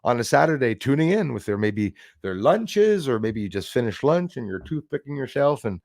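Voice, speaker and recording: A man's voice: medium pitch, big pitch swings, normal speed, gravelly, a little mellow, no echo, studio quality. A man hosting a casual live stream, rambling and greeting chat viewers by name.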